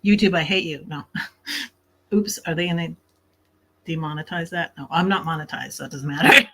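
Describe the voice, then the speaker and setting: Bright-voiced woman chatting from bed. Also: low voice, moderate pace, gravelly, slight background noise. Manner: chatty, laughs often, talks while snacking. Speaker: livestream host. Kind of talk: casual late-night livestream chat. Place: in her bed at home.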